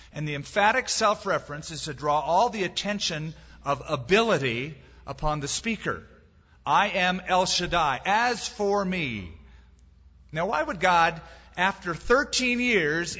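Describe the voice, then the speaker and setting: Husky-voiced man preaching in a reverberant hall. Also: fairly high pitch, sharp tone. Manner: emphatic preaching with rhetorical questions and dry humor. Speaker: pastor. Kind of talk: sermon. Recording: dull sound with long hall reverb.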